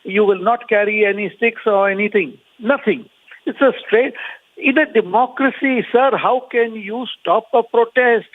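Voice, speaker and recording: Argumentative politician over a tinny line. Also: male voice, high-pitched, moderate pace. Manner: argumentative, rhetorical questions, many fillers. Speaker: opposition party leader. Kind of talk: remote debate panelist. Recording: phone-like remote line.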